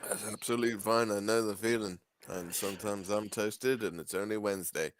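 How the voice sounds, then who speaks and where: A man's voice: lowish voice, steady tone, a little fast, a little hiss or hum, poor audio. A man guesting on a casual live chat, playful and jokey, laughing a lot. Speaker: guest on a livestream.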